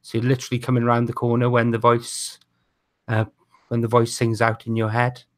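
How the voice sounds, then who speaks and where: A man narrating as game master of a tabletop role-playing game, casual and slightly halting. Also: medium pitch, completely flat delivery.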